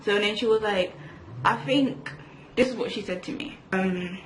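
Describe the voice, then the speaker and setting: A young woman chats through a makeup storytime, rambling and restarting her sentences as she goes. Her voice sits at a middle pitch and rings in an echoey room, with a faint hiss underneath. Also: normal speed. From England. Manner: chatty, rambling, lots of fillers and restarts. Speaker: vlogger. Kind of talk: storytime chat while doing makeup.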